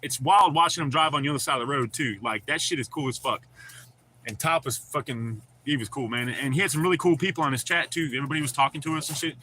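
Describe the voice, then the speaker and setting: Man, livestream host, very bright tone, profane casual chat, faint background noise. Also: fairly high pitch, fast. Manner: profane, laid-back, laughs often.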